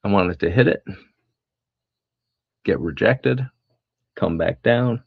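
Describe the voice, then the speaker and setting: Man, very low voice, gravelly, live trading stream, wry rambling commentary. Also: lively intonation, slow pace, dry recording, narrow, tinny audio. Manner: rambling, wry, reads headlines aloud with asides. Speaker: day trader streaming live.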